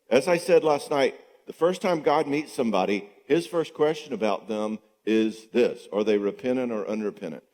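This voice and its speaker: A man speaking as a counselor at a church marriage conference. His talk is casual and conversational, and he keeps checking in with the audience with "okay?" and "all right?". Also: on the low side. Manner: acts out quoted people in lively voices. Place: church sanctuary before an audience. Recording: long reverb of a large church hall.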